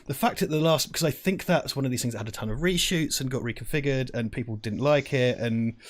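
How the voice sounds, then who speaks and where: A man with a mid-range voice talks fast while co-hosting a film watch-party stream. His casual chat is rambling, laughing and full of self-interruptions, recorded on a lavalier microphone.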